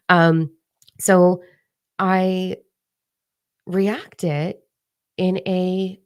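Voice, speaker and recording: Speaking into a microphone in front of her face, a woman hosts a casual spiritual live chat in a lowish, gravelly voice, unhurried and full of long pauses. She's candid, swears freely, and acts out her own reactions.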